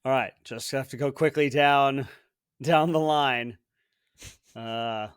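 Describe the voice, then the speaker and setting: A man on a podcast who thinks out loud as he guesses, often laughing at himself. His voice sits in a middle pitch and is recorded close and dry, with no room sound. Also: takes it slowly, long pauses, smooth, dry recording. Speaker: podcast co-host, quiz contestant. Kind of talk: casual chat.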